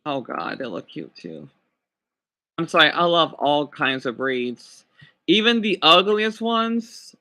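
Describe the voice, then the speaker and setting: A man's voice: a little high, big pitch swings, sharp tone. A man chatting casually on a livestream, gushing and drawing out his words. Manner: gushing, drawn-out swoops when cooing over dogs.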